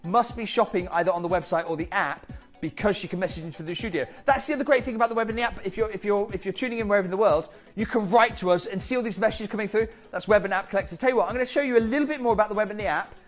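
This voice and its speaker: A man hosts a live shopping broadcast, urging viewers to buy in a quick, chatty patter. His voice sits fairly high for a man. Soft studio music plays faintly underneath. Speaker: shopping channel presenter. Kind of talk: live TV sales pitch.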